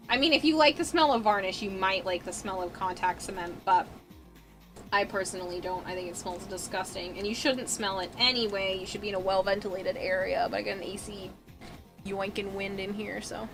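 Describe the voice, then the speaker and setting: A woman with a Boston accent talks loosely and casually as she works on a craft project on stream, filling her sentences with "like" and "um". Her voice sits at an ordinary middle pitch, and music plays clearly behind her in a home room. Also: steady tone, fairly quick, rough recording. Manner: rambling, chatty, frequent "like" and "um", swears casually. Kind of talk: casual livestream chat while crafting. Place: home room with an air conditioner.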